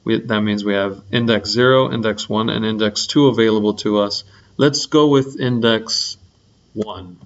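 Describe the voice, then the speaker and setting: A man's voice: lowish voice, moderate pace. Young guy walking thru code on a screencast, loose and rambly, kinda muffled audio. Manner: relaxed, rambling, many ums and likes. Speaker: coding instructor. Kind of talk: screencast programming lesson.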